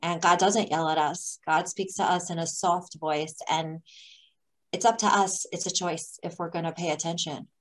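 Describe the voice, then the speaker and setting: A woman with a fairly low voice speaks as a guest in a conversation. She is a spiritual teacher and talks in a measured, reflective manner, taking her time with each point. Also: steady tone, low-quality recording. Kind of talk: thoughtful conversation.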